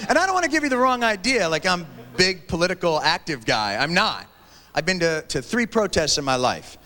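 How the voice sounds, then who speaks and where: A man performing a stand-up comedy set, animated and shouting his punchlines. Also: high voice, moderate pace. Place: large theater stage with audience. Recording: 1990s VHS TV broadcast, hall reverb, laughing crowd. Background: audience laughter.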